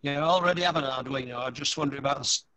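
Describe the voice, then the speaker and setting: A man asking a quiet, hesitant question over a video call whose audio keeps breaking up. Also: medium pitch, racing. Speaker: club member asking a question. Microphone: video call with a breaking-up connection.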